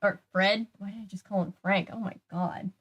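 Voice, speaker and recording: A woman's voice: mid-range voice, steady tone, moderate pace. A young woman reading a kids' mystery book aloud, breaking off for chatty, jokey asides. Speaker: channel host. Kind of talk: casual reading aloud with commentary.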